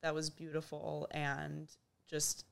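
A woman's voice: low voice, monotone, slow pace, creaky, clear, resonant tone. A young woman hosting a podcast, supportive and affirming toward her guest in heartfelt talk. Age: young adult. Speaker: podcast host. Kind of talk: heartfelt conversation.

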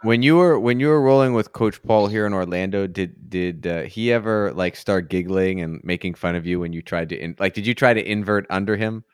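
A man's voice: deep voice, a little fast, hardly any pauses, smooth, no room sound, studio quality. A male podcast host asking questions in a laid-back, casual way, using slang and laughing easily. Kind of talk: casual interview chat.

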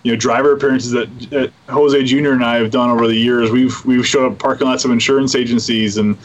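A man hosting a casual chat about boat racing, talking in halting starts and repeating his words. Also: mid-range voice, steady tone. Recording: slightly muffled audio.

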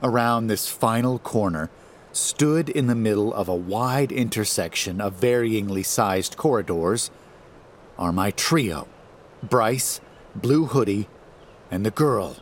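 A man narrating a first-person horror story in a measured, grave way. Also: fairly low pitch, animated, a little hiss or hum.

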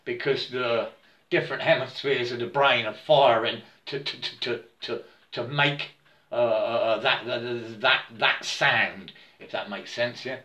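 In a mid-range, sharp-toned voice with fairly even intonation, a man delivers a halting, repetitive spiritual monologue, stammering and repeatedly checking in with "yeah?" Roomy echo surrounds him.

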